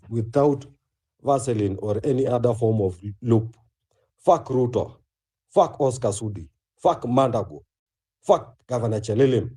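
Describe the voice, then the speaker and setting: A Kenyan man speaks bluntly and angrily, swearing as he makes his points. His voice is very dark and mellow at a middle pitch. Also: breathy edge. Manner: angry, blunt, profane. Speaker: speaker in a live online audio room. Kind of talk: angry protest speech.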